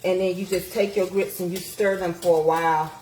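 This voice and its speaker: A woman's voice: lowish voice, steady tone, a little fast, darkish tone, a little hiss or hum. Woman vlogging while cooking, echoey kitchen. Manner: chatty, folksy, motivational asides. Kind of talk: casual livestream chat while cooking. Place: home kitchen. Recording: echoey kitchen with frying sizzle.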